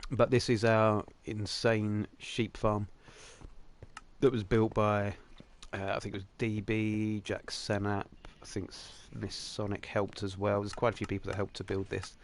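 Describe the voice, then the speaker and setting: A man's voice: on the low side, flat delivery, measured pace. A young man hosting a game livestream, talking through it in a chatty, jokey, rambling way. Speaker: livestream host. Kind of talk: casual game commentary.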